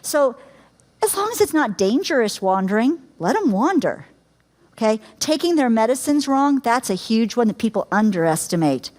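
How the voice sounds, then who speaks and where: A middle-aged woman with a somewhat high voice leads a caregiving workshop in a lecture room. She is chatty and laughs easily, and she keeps turning to the audience with questions. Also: sing-song, normal speed, a little mellow. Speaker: caregiving educator. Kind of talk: live workshop talk to an audience.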